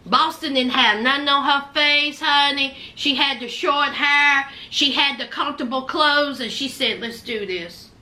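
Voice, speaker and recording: A woman's voice: sits high, steady tone, a little slow, hardly any pauses, pushed and bright. A woman giving a casual recap of a reality show, sassy and speaking straight to her viewers.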